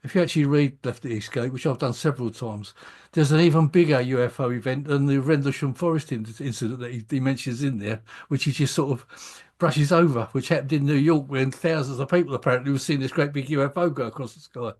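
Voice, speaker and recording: A man's voice: medium pitch, fast, a little mellow. A man hosting a casual chat, conversational and hesitant, with many fillers. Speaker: radio host.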